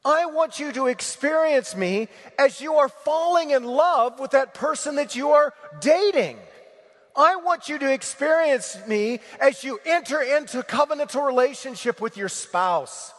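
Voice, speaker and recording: A man's voice: extremely high pitch, lively intonation, measured pace, fairly bright tone, in a large hall, pitched above the performer's own voice, heavily acted. A man voicing Jesus, earnest and pleading, repeating each appeal with rising emphasis. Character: Jesus speaking lovingly to a listener, male adult.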